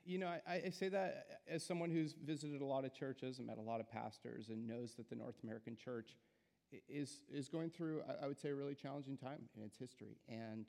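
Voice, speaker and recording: A man's voice: medium pitch, steady tone, fairly quick, vocal fry, dark tone. Man preaching in a reverberant church hall. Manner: casual, self-deprecating humor with filler words. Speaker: guest preacher. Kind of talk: sermon. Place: church sanctuary.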